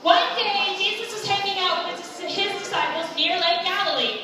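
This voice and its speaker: A very high-voiced woman tells a playful story and stops to direct her volunteers. Her voice rings through a large hall and is caught from far off. There is a noisy room behind her. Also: moderate pace. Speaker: skit leader. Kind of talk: narrating an audience-participation skit. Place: large hall with a stage and aisles.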